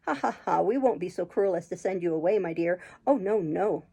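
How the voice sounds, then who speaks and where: A woman's voice: on the low side, expressive, brisk, vocal fry, dark tone, slightly rough, full character voice. A woman reading an audiobook and voicing a scheming old male thief who coaxes and chuckles, calling the boy "my dear". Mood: coaxing.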